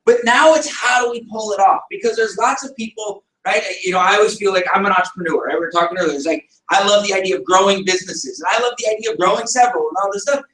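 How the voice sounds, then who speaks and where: A man with a high voice delivers an energetic motivational talk to a live audience, throwing out rhetorical questions and acting out little scenes. He sounds distant from the mic, and the meeting room around him is echoey. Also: fast, few pauses. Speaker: speaker at a group meeting.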